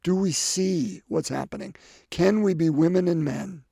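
A man preaching a sermon in an animated way, with many restarts and asides, swinging from loud pleading to quiet, hushed passages. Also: on the high side, measured pace, gravelly, no echo, studio quality.

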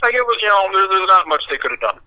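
Bright, lively co-host over a tinny phone line. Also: male voice, sits high, fast talker. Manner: blunt, jokey trash talk. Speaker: podcast co-host. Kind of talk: casual sports chat.

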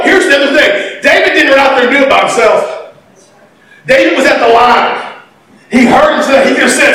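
Male preacher, high and forceful tone, lively storytelling with shouts, distant mic in a reverberant room. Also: moderate pace, slight background noise. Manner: animated, folksy storytelling with sudden shouts. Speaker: pastor. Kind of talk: sermon. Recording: echoey hall, mic far off.

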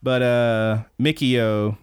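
A man co-hosting a podcast, casually recapping events in an excited play-by-play with some swearing. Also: mid-range voice, drawn-out words, clean tone, no echo, clean studio sound. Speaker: podcast co-host.

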